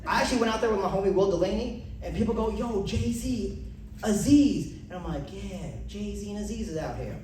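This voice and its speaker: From a distance, the stage of a comedy club carries the loud, brash voice of a young male stand-up working the crowd. Animated and a little fast, he leaps up and down in pitch for his bits, while the room echoes heavily and a little hiss or hum sits underneath.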